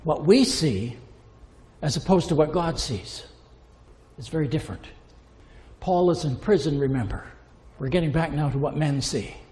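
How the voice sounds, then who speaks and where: A man preaching a sermon, impassioned, building to emphatic peaks and then dropping to a low, quiet tone. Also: normal speed, long reverb tail.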